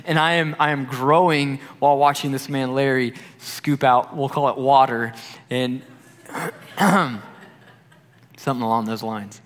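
A young adult man, a youth pastor, preaching a sermon and telling a personal story with animated delivery, acting out the voices of the people he quotes. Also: mid-range voice, a little slow. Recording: long hall reverb.

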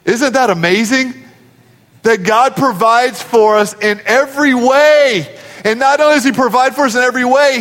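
A man's voice: high-pitched, fairly bright tone, long reverb tail. A man preaching a sermon as pastor, telling a family story and acting out the quoted voices before building to emphatic peaks.

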